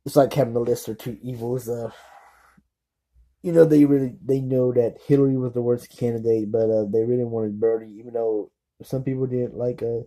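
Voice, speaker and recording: A man giving casual, unscripted commentary, halting and apologetic, with many restarts and fillers. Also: medium pitch, steady tone, warm tone, low-quality recording. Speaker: political vlogger.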